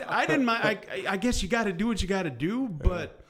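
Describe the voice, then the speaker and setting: A man's voice: high voice, a little fast, slightly rough. A man telling a rambling funny story in casual chat, laughing and acting out quotes. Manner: animated, laughing, acts out quotes. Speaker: podcast guest.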